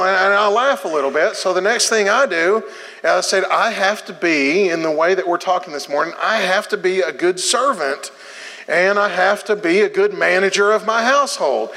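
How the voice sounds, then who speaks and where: A middle-aged man preaching a sermon in a church, telling a family story in an animated way before turning to exhortation. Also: normal speed, big-room sound. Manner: storytelling, animated, rising pitch in anecdotes. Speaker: pastor.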